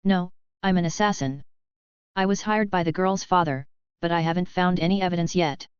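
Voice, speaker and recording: A scarred, world-weary male assassin answers tersely and earnestly, as a woman narrator reads him in a low, smooth voice. The recording is dry and a bit muffled. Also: normal speed, dry recording, close to an everyday voice. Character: scarred, hoarse middle-aged male assassin.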